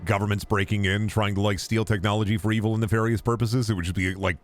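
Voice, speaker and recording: A young man casually commenting on his gameplay, joking and breaking into sudden high yelps and shouts. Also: flat delivery, fast talker. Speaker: gaming streamer.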